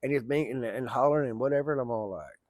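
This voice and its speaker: A man's voice: mid-range voice, racing, a little mellow, dry recording. A middle-aged man telling a long story in a rambling, colloquial, folksy way. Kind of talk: casual spoken storytelling.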